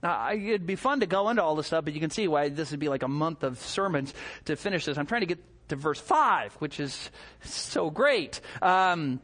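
A man's voice: a little high, moderate pace. A male pastor preaching a sermon, telling stories and acting out scenes. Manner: animated storytelling, acts out scenes.

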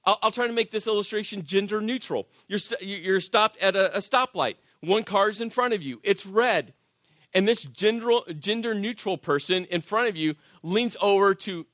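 A man preaching a sermon in church, conversational and animated, often asking the congregation "right?" and swinging from shouted emphasis to soft, intimate delivery. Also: high-pitched, no echo, clean studio sound. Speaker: pastor.

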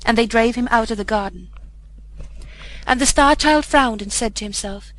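A woman reading an old fairy tale aloud in a measured, even storybook narration. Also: a little high, slight background noise, poor audio. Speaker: audiobook reader.

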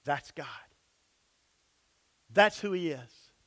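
Man, high voice, pastor, sermon, emphatic preaching, quiet asides, church. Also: animated, very slow. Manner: emphatic preaching, drops to soft low asides.

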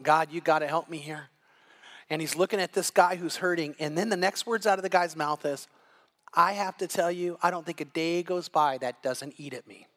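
A man preaching a sermon, retelling a story in a lively way and acting out the people in it with a changing voice. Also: high voice. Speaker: pastor.

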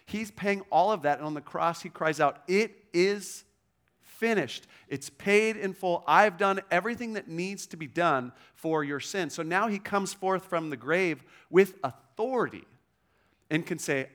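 Pastor, male, a touch high-pitched, conversational sermon delivery with frequent check-ins. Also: unhurried, fairly bright tone. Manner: conversational preaching, frequent "okay?" check-ins, quoting scripture with emphasis.

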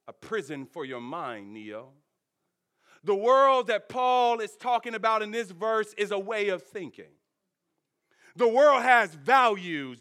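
A man preaching a sermon in a very high, bright voice. He keeps an unhurried pace and talks with the congregation in a lively back-and-forth way. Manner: animated, conversational preaching with call-and-response. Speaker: pastor.

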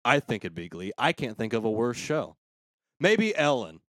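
A man's voice: mid-range voice, sing-song, fairly bright tone, no room sound. Sarcastic ranting man, dry sound. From United States. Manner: sarcastic, ranting, quick asides. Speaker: podcast host. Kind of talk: casual comedic banter.

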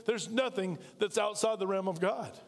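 A man's voice: sits high, normal speed, in a large hall. A man preaching a sermon as pastor, talking conversationally and drawing call-and-response from his congregation in a large church. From United States.

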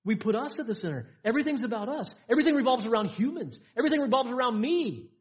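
High-voiced emphatic preacher, man. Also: animated, dull audio. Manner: emphatic preaching with repeated lines and dramatic pauses. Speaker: pastor. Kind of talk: sermon. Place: church sanctuary.

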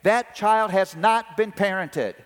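A middle-aged man preaches a sermon on parenting, telling family stories with animated flair and acting out the voices. His voice sits high and he takes it slowly, with a long hall reverb on the recording.

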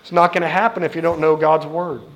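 A man's voice: a little high, level tone, quick pace, fairly bright tone. A middle-aged man preaching a sermon in an earnest, direct way, speaking to the congregation and acting out the voices he quotes.

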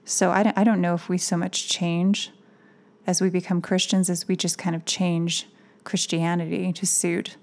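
A woman with a lowish, flat voice co-hosts a faith podcast. She talks candidly and with a wry edge, turning her doubts into open questions. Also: normal speed. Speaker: podcast co-host.

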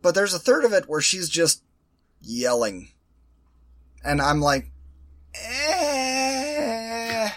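A man's voice: a little high, very animated, unhurried, pauses often. A man co-hosting a casual podcast, wry and opinionated, teasing his co-host while giving reviews. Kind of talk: casual chat.

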